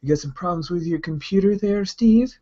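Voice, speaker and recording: A man's voice: high voice, fairly quick, dark tone, muffled recording, voice pushed up. A man voicing a flirty, chaotic female gnoll in tech support with a teasing drawl.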